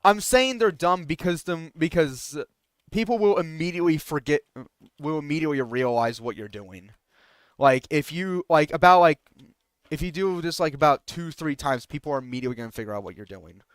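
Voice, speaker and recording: Man with a smooth, slightly high voice. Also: expressive, a little fast, dry recording, studio quality. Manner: rambling, frequent restarts and fillers; indignant. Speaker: streamer. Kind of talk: casual storytelling while gaming.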